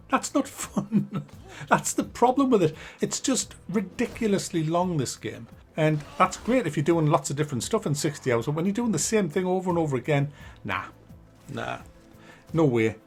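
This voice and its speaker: A man giving a blunt, animated spoken review of a video game, swearing freely. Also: fairly high pitch, moderate pace, faint music behind.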